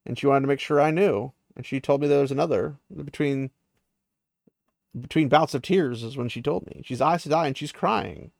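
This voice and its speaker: A young woman held captive, grim and resigned, laying out what she can and cannot do, as a man retells her lines. The voice is gravelly and dry, with no room sound. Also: medium pitch, normal speed, darkish tone, no echo, close to an everyday voice. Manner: loose paraphrase, near his own voice.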